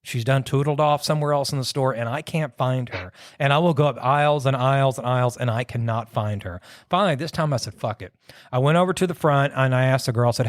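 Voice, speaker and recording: A man co-hosting a casual podcast chat, telling a drawn-out story and acting out the quoted lines. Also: mid-range voice, no echo, clean studio sound. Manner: drawling, acts out quotes in storytelling. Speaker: podcast co-host.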